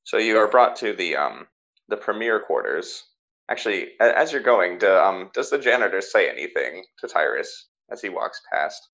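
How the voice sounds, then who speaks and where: A man narrating as game master for a tabletop game, halting often with fillers and restarts. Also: low-pitched, lively intonation, a bit bright, rough recording.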